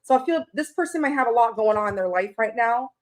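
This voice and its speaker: A woman's voice: fairly high pitch, lively intonation, fast. A woman reading tarot on a casual live stream, chatty and rambling, greeting viewers by name and laughing at her own slips.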